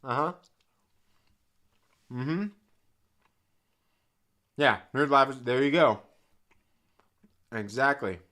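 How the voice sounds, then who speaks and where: A man's voice: medium pitch, very slow, long pauses, pushed and bright. A man hosting a casual live stream, rambling and swearing, with many "like" fillers and frequent laughs as he reads chat. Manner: profane, rambling, lots of "like" fillers, laughs often.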